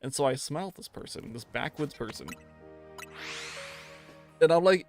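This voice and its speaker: A man's voice: medium pitch, moderate pace, soft background music. Rambling young man streaming a game. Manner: rambling, animated storytelling with slang. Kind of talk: casual livestream chat.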